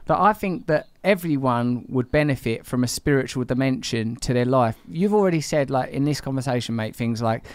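Host, forties, mid-pitched, wry and thoughtful in conversation. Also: male voice, lively intonation, brisk, hardly any pauses, smooth, no room sound. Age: 40s. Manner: wry, reflective, swears casually. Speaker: podcast host. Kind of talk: casual conversation.

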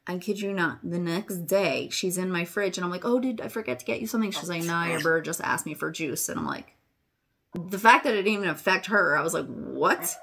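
Chatty woman explaining stuff casually, bright voice, acts out lines all high and bubbly. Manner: chatty, animated, acts out phrases for birds in high voice. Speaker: parrot owner teaching viewers. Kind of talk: casual vlog tutorial.

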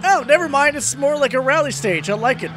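A man hosting a let's play of a racing game, excitable, yelping and cursing at the game and joking about his own driving. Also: extremely high pitch, fairly quick, background noise. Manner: self-deprecating joking. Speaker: gaming video host. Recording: game music behind.

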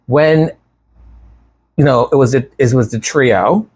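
A man's voice: medium pitch, slow pace, a little mellow, slightly rough. A man hosting a commentary show, talking casually with sarcasm and lots of repeated words. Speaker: royal commentary host.

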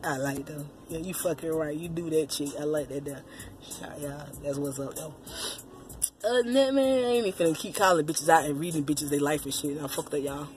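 Fast-talking profane woman ranting. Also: low-pitched, a little hiss or hum. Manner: profane, loud and rambling. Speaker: vlogger. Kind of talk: casual rant to the camera.

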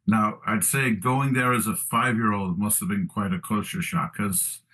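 Male interview host: guides with leading questions, bright and forceful tone. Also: fairly low pitch, steady tone, moderate pace. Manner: leading questions, short backchannels. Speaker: podcast host. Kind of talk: conversational interview.

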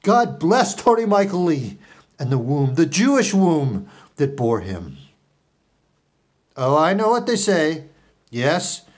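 A man putting on the voice of a grandiose, scheming billionaire tycoon in a comic impression, swinging from low mutters to yelling. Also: big pitch swings, slow, pauses often.

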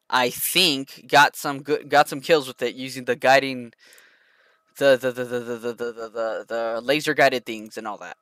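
A young man streaming a flight combat game, talking to his viewers in an excitable, rambling way. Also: a little high, no room sound, clean studio sound. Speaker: gaming streamer. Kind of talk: live gameplay commentary.

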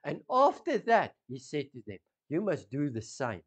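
A man with a South African accent preaching a sermon, swinging from loud emphasis down to hushed intensity. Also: on the high side, wildly swooping pitch, normal speed. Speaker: pastor.

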